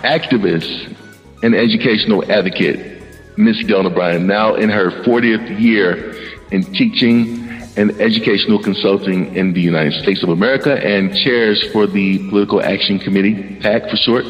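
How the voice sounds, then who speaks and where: A man hosting a podcast panel, praising his guests warmly and stumbling over repeated words. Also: lowish voice, normal speed, big-room sound, lo-fi sound, soft background music. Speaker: podcast host. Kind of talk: emotional panel introduction.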